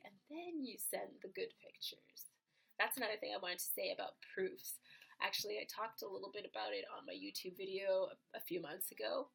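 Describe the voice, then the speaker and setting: Young woman streamer, rambly and chatty, husky with some vocal fry. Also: mid-range voice, a bit bright. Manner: rambling, chatty, many "like"s, laughs often. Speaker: livestream host. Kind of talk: casual livestream chat.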